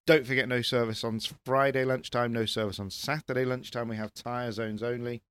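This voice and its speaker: A man talking as a rally pundit on a casual panel, lively and quick to start over, mid-pitched. His voice sits in an ordinary range for a man. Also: clean tone. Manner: lively, stumbling restarts.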